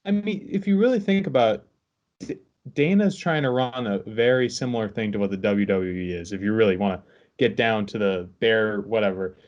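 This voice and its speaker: A man's voice: fairly low pitch, a little fast, a little mellow. Laid-back man, dull lo-fi sound. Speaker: podcast co-host. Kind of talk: casual sports chat.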